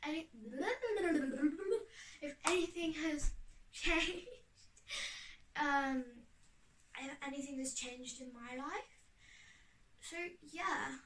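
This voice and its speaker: A woman's voice: sits high, takes it slowly, pauses often. A woman vlogging to a camera on a tripod in her bedroom, chatty, giggly and easily sidetracked. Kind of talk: casual chat to camera. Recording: roomy, a bit far from mic, faint noise.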